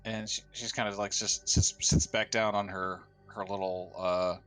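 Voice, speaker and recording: A man narrating as game master of a tabletop game, halting and full of fillers. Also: on the low side, little pitch movement, fairly bright tone, clear, resonant tone, soft background music.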